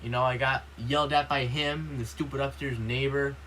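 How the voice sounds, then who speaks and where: Male vlogger, mid pitch, rambling indignant rant, swears freely, faint background noise. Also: fairly even intonation, a little fast, a bit bright. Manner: rambling, heavy use of "you know", repeats himself; indignant, swears when upset. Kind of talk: casual ranting vlog.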